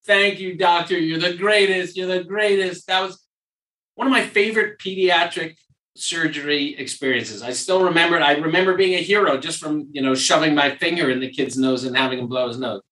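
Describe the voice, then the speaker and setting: A man from New York, a surgeon co-hosting a podcast, telling animated stories in casual chat and repeating phrases for emphasis. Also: a little high, brisk, recorded from a distance. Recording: echoey room, voice off-mic.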